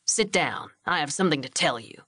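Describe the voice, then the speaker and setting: A woman's voice: low-pitched, expressive, fairly quick, bright, forceful tone, no room sound, pitched below the performer's own voice, full character voice. A woman voicing a stern, middle-aged rancher father who speaks in curt commands.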